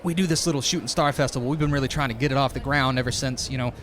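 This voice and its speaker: A man's voice: medium pitch, very fast, natural voice. A man voicing a sweaty, overeager male event promoter with a bad fake Texas accent, in a tabletop game. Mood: salesy. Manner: loud, overeager, glad-handing. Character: sweaty male event promoter with a combover, pushy salesman type.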